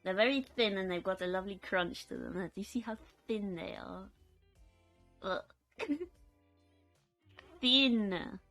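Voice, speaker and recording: A woman's voice: mid-range voice, normal speed, pauses often, faint music behind. A young woman chatting casually on a live stream, giggling often and reading out chat. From United Kingdom.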